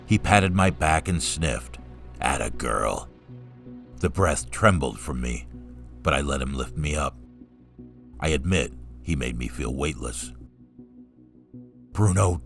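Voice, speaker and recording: Very deep-voiced male story reader. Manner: calm, steady first-person narration. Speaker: narrator. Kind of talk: story reading.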